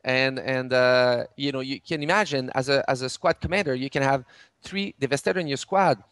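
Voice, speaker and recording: Man explaining, halting restarts. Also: mid-range voice, fairly bright tone, clear, resonant tone, no echo. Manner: many restarts and fillers, gestures while explaining. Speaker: game studio head. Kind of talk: interview, explaining game mechanics.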